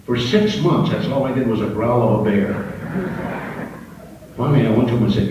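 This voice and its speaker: A man's voice: medium pitch, brisk, muffled recording. Older man telling stories in a hall. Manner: anecdotal, with fillers. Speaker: guest speaker. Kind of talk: storytelling talk with voice impressions. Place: university auditorium. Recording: distant mic in echoing hall with audience and hiss.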